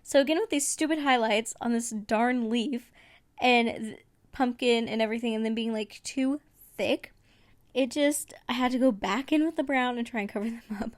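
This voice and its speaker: A woman's voice: fairly high pitch, normal speed, no room sound. A woman, chatting in a casual voice-over as she walks through her nail art and laughs at her own mistakes.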